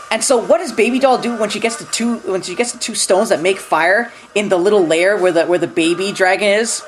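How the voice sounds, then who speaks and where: Speaking at a moderate pace with hardly any pauses, a medium-pitched young woman delivers a rambling, profane film review full of fillers and restarts, breaking into laughter as she goes. Slight background noise marks this low-quality recording.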